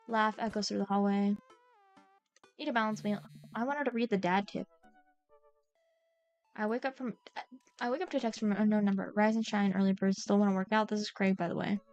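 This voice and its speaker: A young woman streaming a game, reading its lines aloud and chatting in a giggly, scattered, excitable way. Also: a little high, dull audio.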